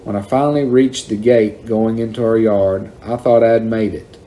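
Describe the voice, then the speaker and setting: A man reading a children's novel aloud in a plain, unhurried storytelling manner. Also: on the low side, steady tone, warm tone. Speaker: reader.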